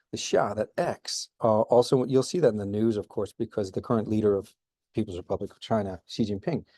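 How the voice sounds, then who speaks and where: A man giving a relaxed recorded slideshow lecture on history, informal, with many fillers and restarts. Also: fairly low pitch, dry recording.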